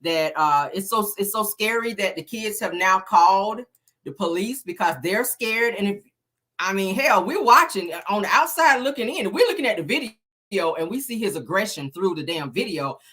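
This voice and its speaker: A woman's voice: medium pitch, animated, moderate pace, a bit bright. A woman hosting a celebrity gossip show, talking in a chatty, exasperated, slangy way. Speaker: show host.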